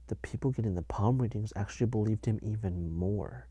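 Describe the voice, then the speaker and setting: A man's voice: fairly low pitch, normal speed, warm tone, slightly rough, no echo. A young man hosting a casual solo podcast, rambling and correcting himself as he talks. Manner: rambling, self-correcting, laughs at his own jokes. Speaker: podcast host.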